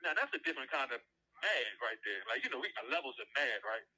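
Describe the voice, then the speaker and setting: A man's voice: mid-range voice, big pitch swings, fast, bright, forceful tone, rough recording. A man hosting a show, talking casually and animatedly to his listeners, firing rhetorical questions and laughing at his own jokes. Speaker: show host.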